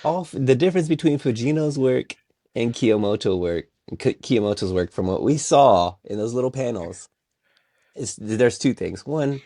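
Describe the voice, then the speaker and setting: A man co-hosting a casual podcast, talking in an animated, rambling way and laughing often. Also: mid-range voice, moderate pace, no room sound, clean studio sound. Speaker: podcast co-host. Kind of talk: casual chat.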